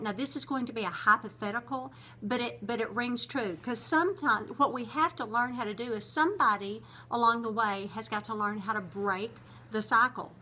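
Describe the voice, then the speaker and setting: A woman's voice: on the high side, sharp tone, slight background noise. A middle-aged woman, hosting her own vlog and talking about relationships in an earnest, conversational, teaching way. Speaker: host. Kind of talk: casual vlog talk on relationships.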